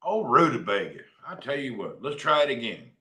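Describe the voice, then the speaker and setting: A man's voice: mid-range voice, big pitch swings, a little fast, sharp tone. A man hosting a casual livestream, joking in a folksy way and reading viewer comments aloud. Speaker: livestream host. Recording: echoey room.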